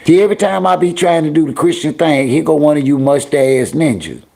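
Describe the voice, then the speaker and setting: This middle-aged man's voice is fairly high, expressive, brisk, creaky, and mellow. Hosting a casual livestream, he scolds his viewers and chat directly, loaded with slang and drawn-out repetitions.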